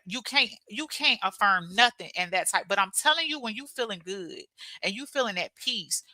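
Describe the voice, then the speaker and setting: A woman in her thirties or forties hosting a casual motivational livestream and reading chat messages. She talks in an animated, preachy way and keeps repeating that she is telling you. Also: on the high side, dry recording.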